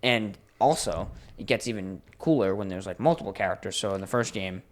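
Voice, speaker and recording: A man's voice: lowish voice, fairly quick. A young man co-hosting a podcast, chatting casually and swearing freely as he tells stories with animation. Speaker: podcast co-host. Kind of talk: casual chat.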